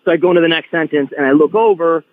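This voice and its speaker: A man with a fairly high voice tells stories as a podcast guest, tumbling through restarts as he goes. His voice comes through thin and phone-like, with the low end cut away. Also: racing, no echo. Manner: animated storyteller, many restarts. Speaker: guest wrestler. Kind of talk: casual podcast chat. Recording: phone-like line.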